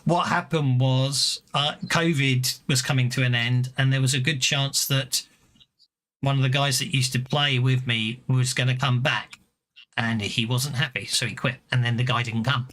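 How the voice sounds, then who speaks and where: A man's voice: medium pitch, steady tone, normal speed, fairly bright tone. A man running a tabletop game as game master, chatting casually and laughing often.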